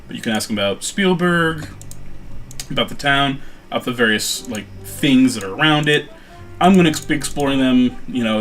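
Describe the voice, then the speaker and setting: A man's voice: mid-range voice, fairly bright tone. A man playing an old adventure game and casually chatting about it. He reads bits of text aloud and breaks in with joking asides and fillers. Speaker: let's-play host.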